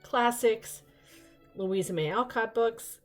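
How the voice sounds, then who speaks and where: An older woman hosting a casual unboxing vlog, chatty and excitable, rambling into asides. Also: fairly high pitch, takes it slowly, faint music behind. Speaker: vlog host.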